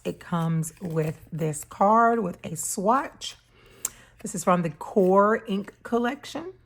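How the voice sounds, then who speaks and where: A woman hosting her stationery channel, casually chatting through an unboxing and pen demo with a slow, relaxed manner and soft laughs. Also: on the low side.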